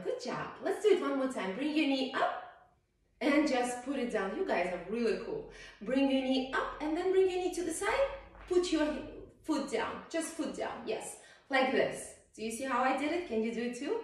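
A high-voiced woman leads a children's yoga class in a playful, coaxing way, checking in with the kids with little questions. She sounds some way from the mic in a very echoey room. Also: distant mic.

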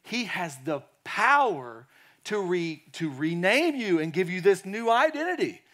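A man preaching a sermon in a lively way, acting out quotes and dropping to quiet tones. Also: high voice, unhurried. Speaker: pastor.

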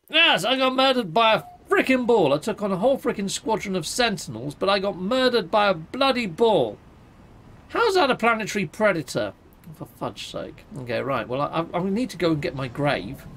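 Lively gravelly gamer. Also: male voice, a little high, a little hiss or hum. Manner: chatty, mock-swearing, addresses viewers as people. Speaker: gaming streamer. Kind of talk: live game commentary.

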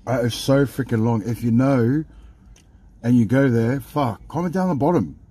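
A man's voice: mid-range voice, moderate pace, dark tone, breathy edge. A man, hosting a mukbang and teasing his partner in casual chat while he eats. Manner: playful, teasing, often talks with his mouth full. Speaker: mukbang host.

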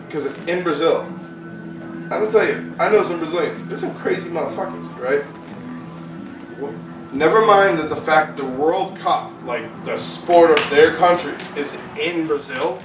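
A man giving a heated, profanity-laced rant in an interview, full of restarts and repetition. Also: medium pitch. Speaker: protest organizer being interviewed. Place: festival grounds. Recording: echoey, distant mic, loud ambient noise.

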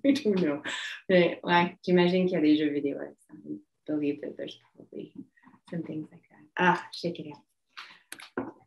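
Low-voiced woman guiding gentle hand exercises. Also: a little fast, creaky, dull audio, a little hiss or hum. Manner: calm, gentle, switches between French and English. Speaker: workshop co-facilitator. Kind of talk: guided movement instruction. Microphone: video call.

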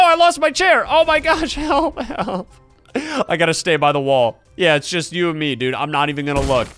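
A man hosting his gaming channel, giving excitable play-by-play commentary and yelping at every danger. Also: on the high side. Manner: excitable, yelps and laughs at danger.

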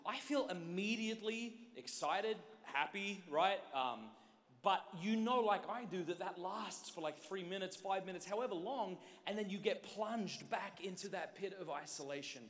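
High, bright-voiced man in a big hall. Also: moderate pace. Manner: joking, direct, keeps addressing the audience. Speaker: youth conference speaker. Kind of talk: energetic motivational talk to a crowd. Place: large conference hall with an audience. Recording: long hall reverb.

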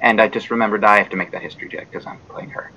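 A man's voice: rapid-fire, rough recording. An Australian man running a tabletop game as dungeon master, narrating scenes vividly over an online call. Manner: vivid descriptive narration, lively pitch.

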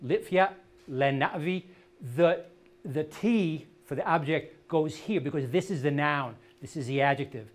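An older man leads an outdoor language class, and his voice sits a little high for a man. He drills words slowly and patiently corrects each student's pronunciation. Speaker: language teacher. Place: outdoor meadow gathering.

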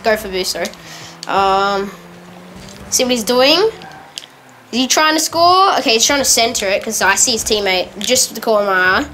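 A woman giving casual, excitable gameplay commentary, correcting herself quickly and laughing often. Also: medium pitch. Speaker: gamer.

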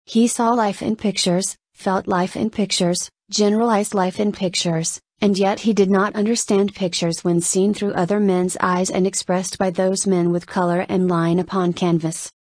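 A woman narrates an audiobook in a steady, measured way. Her pitch sits in the middle range, and the recording is dry and close with no room echo. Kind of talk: scripted narration.

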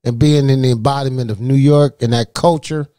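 A man from Southern California chats as a guest on a radio show, unhurried and playful. His voice sits in an ordinary middle range. It is recorded close and dry, with no room sound. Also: mid-range voice, fairly even intonation, dark tone, no echo. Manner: laid-back, playful, drawn-out. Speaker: rapper guest. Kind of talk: casual radio interview.

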